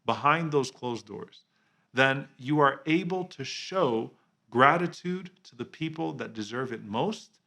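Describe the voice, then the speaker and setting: A man giving a reflective religious talk as a preacher, earnest and measured, slowing down on key phrases and dropping softly on the honorific blessings. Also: mid-range voice, lively intonation. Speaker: Islamic preacher.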